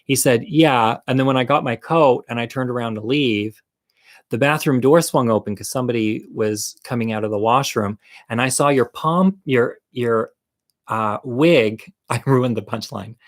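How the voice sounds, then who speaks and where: A man's voice: medium pitch, moderate pace. A man telling a comic personal story in a casual monologue, campy and candid, with chatty, self-deprecating asides to the viewer.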